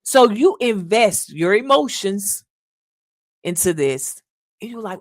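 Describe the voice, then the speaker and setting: A female podcast host speaks slowly and expressively in an earnest, casual monologue, addressing listeners as "y'all" and acting out short quotes. Her pitch is medium. The studio recording is clean, with no room sound.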